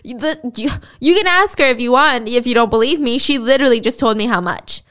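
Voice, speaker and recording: A woman's voice: on the high side, animated, a little fast, fairly bright tone, clear, resonant tone. A woman voicing a defiant man who taunts his scammers. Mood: shocked. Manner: taunting, indignant. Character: defiant cocky man, mocking and bold.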